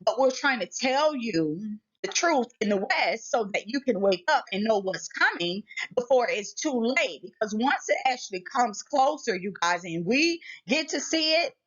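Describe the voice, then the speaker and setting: An American woman hosts a casual vlog warning about spiritual matters, speaking emphatically and preachily with many repeated rhetorical questions. Her voice is a little high and animated, at normal speed. The lo-fi audio is slightly muffled.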